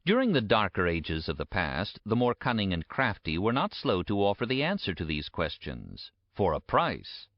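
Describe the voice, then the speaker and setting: A man giving a measured, emphatic audiobook narration. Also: on the low side, huge pitch swings, no room sound. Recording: dry, dull lo-fi recording.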